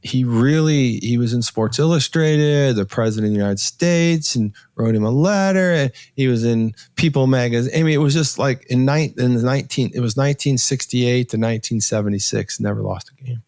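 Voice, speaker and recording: Man in his 60s, podcast guest, halting earnest storytelling, lots of restarts, dry room. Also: mid-range voice, a little mellow, no echo. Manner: earnest, halting, with many restarts and emotional pauses. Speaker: podcast guest, author and entrepreneur. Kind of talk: personal storytelling in a podcast interview.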